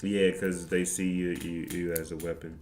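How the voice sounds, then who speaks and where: A man's voice: sits low, little pitch movement, moderate pace, a little mellow, faint music behind. A man streamer telling a story in a rambling, profane, joking way. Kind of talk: casual storytelling chat.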